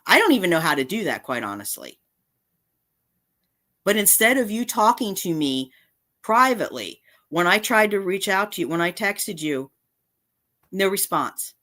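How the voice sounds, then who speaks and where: A woman's voice: medium pitch, very animated, moderate pace, pauses often, fairly bright tone. A woman vlogger delivering an angry, confrontational rant straight to camera, indignant and repeating her points. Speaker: cat channel vlogger.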